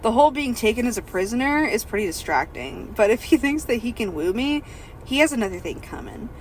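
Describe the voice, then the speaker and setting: A woman's voice: a little high, lively intonation, a little fast, slight background noise, poor audio. Woman reading aloud with wry asides. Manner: reads in first person, breaks into laughter and asides. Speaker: podcast host reading a book aloud. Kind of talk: comedic reading with banter.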